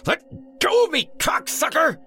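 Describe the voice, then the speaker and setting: A man's voice: sits low, moderate pace, a bit bright, soft background music. A male narrator voicing a hardened, injured man who talks bluntly and gives orders. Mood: yelling. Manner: blunt, commanding, snarling. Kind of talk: audiobook character voice.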